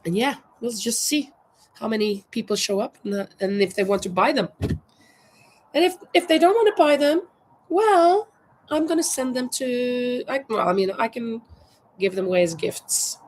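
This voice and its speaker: Her voice a little high and her speed normal, a Norwegian woman runs a casual crochet livestream outdoors on a terrace. She reads out viewer comments and thinks aloud as she crochets, on a low-quality recording.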